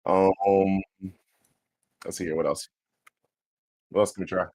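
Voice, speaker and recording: A man's voice: sits low, steady tone, slow pace, darkish tone, no room sound. A man streaming, chatting casually, swearing freely and sounding out foreign words syllable by syllable. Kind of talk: casual livestream chat.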